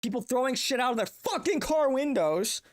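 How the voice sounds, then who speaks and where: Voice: high-pitched, expressive, normal speed. A young adult streamer ranting casually, profane, exasperated and rambling. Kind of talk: casual livestream rant.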